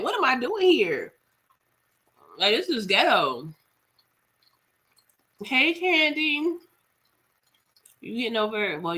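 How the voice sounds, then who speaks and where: Hoarse sick woman chatting with viewers. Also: mid-range voice, pushed and bright. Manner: talks while eating, slangy, laughing asides. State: sick with flu, hoarse and congested. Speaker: live streamer. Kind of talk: casual live-stream chat with viewers.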